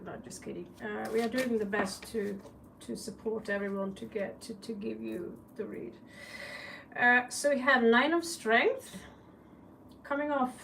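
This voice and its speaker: A woman with a Norwegian accent gives a casual live tarot reading, chatty and joking, with blunt swearing. She talks at a slow, drawn-out pace in a slightly high voice. She sits some way back from the mic, with a faint hiss of background noise. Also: creaky, fairly bright tone, far from the mic, rough recording. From Norway. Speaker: tarot reader.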